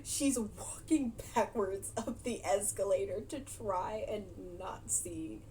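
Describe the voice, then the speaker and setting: A woman's voice: medium pitch, takes it slowly, warm tone, a little hiss or hum. A young woman casually recapping a movie for her vlog, chatty and giggly, animating her retelling. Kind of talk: casual chat.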